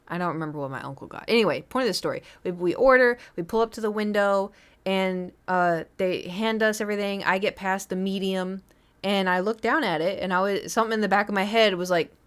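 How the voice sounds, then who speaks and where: A woman's voice: medium pitch, a little fast, clear, resonant tone. A young adult woman, a streamer, chatting casually and telling rambling stories full of fillers and restarts. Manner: rambling storytelling with lots of fillers. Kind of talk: casual chat on a live stream.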